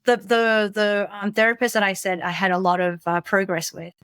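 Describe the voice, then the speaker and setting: A woman in her forties, a podcast guest speaking candidly in casual conversation, halting often with fillers and restarts. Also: mid-range voice, little pitch movement, a bit bright, clean tone, dry recording. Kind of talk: casual conversation, personal storytelling.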